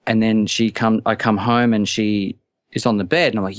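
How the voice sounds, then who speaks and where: Anxious halting male caller, dry sound. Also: on the low side, flat delivery, smooth, dry recording. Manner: halting, stammering, many restarts. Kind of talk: call-in show, telling a personal story.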